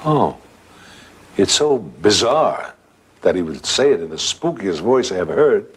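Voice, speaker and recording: A man's voice: fairly low pitch, very animated, measured pace, slightly rough. An older man telling a ghost story from his own life in a conversational way.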